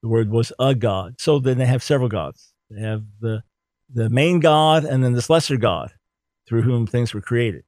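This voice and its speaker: A man's voice: mid-range voice, moderate pace, darkish tone, no room sound. Emphatic man teaching scripture, dry sound. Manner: emphatic, repeats words for stress. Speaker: Bible teacher. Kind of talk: theology teaching talk.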